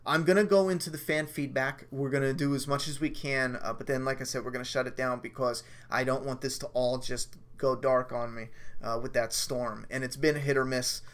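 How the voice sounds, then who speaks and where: A man's voice: medium pitch, steady tone, brisk, a bit bright. A man with a mid-range voice hosts a casual live stream from home. He rambles loosely, swears often and laughs at his own slip-ups. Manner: rambling, profane and self-mocking. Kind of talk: casual live review chat. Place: at home during a storm.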